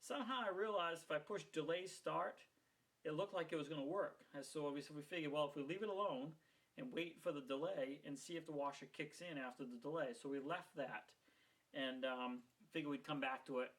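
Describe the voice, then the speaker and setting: Middle-aged guy from maine ranting thru a repair story, kinda high voice, swears a lot. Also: a little fast, a bit bright, poor audio. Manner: heated, swearing, rambling retelling. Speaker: home repair vlogger. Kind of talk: casual storytelling.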